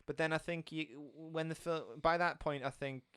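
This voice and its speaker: A man's voice: on the high side, moderate pace, clean tone, no room sound, studio quality. Man chatting animatedly about films. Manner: animated storytelling, acting out scenes. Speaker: film reviewer. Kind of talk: casual film chat.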